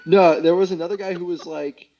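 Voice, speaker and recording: A man's voice: sits high, steady tone, normal speed, gravelly, dark tone, lo-fi sound. A young man, a podcast guest, telling stories in casual chat, rambling and self-amused with lots of fillers and restarts.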